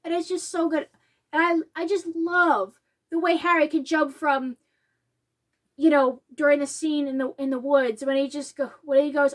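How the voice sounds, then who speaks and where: High-voiced woman gushing about a film. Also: normal speed. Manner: animated, acts out quotes in a higher voice; emotional, gets choked up. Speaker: video essayist. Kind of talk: casual film reflection.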